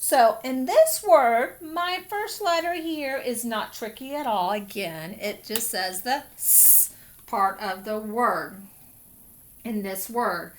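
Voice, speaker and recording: Lady teacher sounding out letters real slow for little kids, lively high voice, webcam mic. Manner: patient, encouraging, sounds out letters slowly. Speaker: kindergarten teacher. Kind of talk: remote phonics lesson for young children. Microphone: computer webcam.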